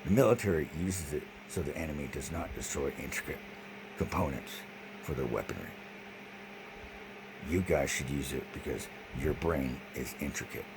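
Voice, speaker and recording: A man's voice: extremely low pitch, moderate pace, creaky. A man in a rambling, agitated video monologue who repeats himself and swears often. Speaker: vlogger. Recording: noisy background.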